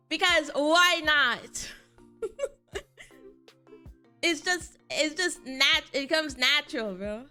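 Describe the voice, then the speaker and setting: A woman's voice: high voice, animated, extremely slow, long pauses, pushed and bright, faint music behind. A young woman VTuber chatting casually on stream, answering chat and laughing often.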